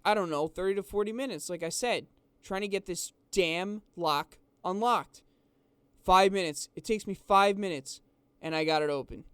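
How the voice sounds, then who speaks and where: A man's voice: high-pitched, clean tone, dry recording. A young man telling a rambling story, exasperated and restarting his sentences often. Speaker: vlogger. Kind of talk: casual storytelling.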